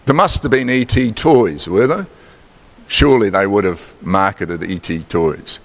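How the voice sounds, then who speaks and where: New Zealand man preaching, animated and playful, slow and deliberate, long church reverb. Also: on the low side. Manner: animated, chatty, playful teasing. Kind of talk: sermon with quiz and asides. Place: church sanctuary.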